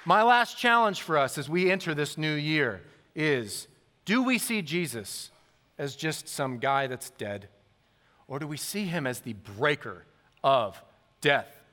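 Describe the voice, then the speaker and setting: A man in his thirties preaches in a lively, animated way, addressing his congregation directly. His voice sits a little high and rings bright and forceful. The sound carries the long reverb of a large hall. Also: measured pace. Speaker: pastor. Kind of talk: sermon.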